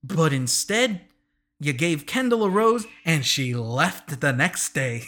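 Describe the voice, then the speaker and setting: He hosts a podcast, recapping a TV show in a casual, joking way, laughing easily and frequently starting sentences over to correct himself. The voice is a bit high and fairly bright, with wide swings in pitch.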